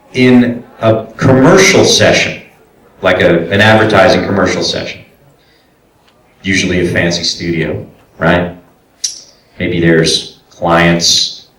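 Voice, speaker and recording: A man and voice actor giving a convention panel talk, animated and acting out quoted directors and clients. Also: sits low. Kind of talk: casual panel talk with audience questions. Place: convention hall. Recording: echoey hall, voice picked up from far off.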